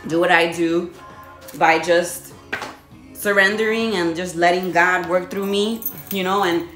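Woman vlogger, casual spiritual storytelling, lively delivery, echoey room with faint music behind. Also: measured pace. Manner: animated storytelling, laughs often, acts out her own reactions in a high voice. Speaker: body contouring business owner. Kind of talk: casual spiritual vlog talk.

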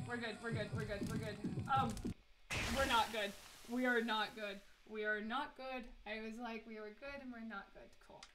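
A woman's voice: on the high side, a bit bright, a little hiss or hum, poor audio. A woman streaming a horror game live from her desk mic, chatty and giggly, talking to the characters on screen. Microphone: desk microphone.

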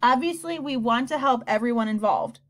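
A woman voicing a gentle male school official who speaks in a measured, soothing way. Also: a little high, pitched above the performer's own voice, lightly acted. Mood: calm.

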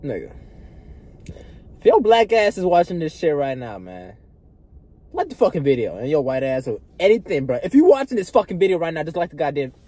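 Animated husky young man ranting. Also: fairly high pitch, fairly quick. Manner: loud, profane, swings between shouting and muttering. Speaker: vlogger. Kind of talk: unscripted rant to camera.

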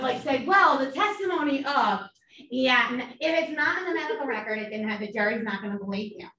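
Brief: middle-aged woman attorney, lively seminar speaker, higher voice, echoey room, mic at a distance. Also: slight background noise. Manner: animated, rhetorical questions, frequent laughs. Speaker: trial attorney. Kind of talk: teaching a seminar to nurses.

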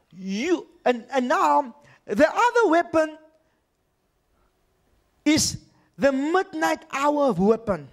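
A male pastor preaching animatedly, repeating phrases and checking in with his congregation. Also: extremely high pitch. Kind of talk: sermon.

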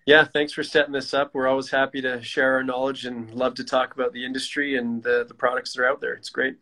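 A man's voice: mid-range voice, level tone, quick pace, pushed and bright. A man appearing as a guest expert on a talk show, friendly and prone to stammered restarts. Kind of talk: casual interview chat.

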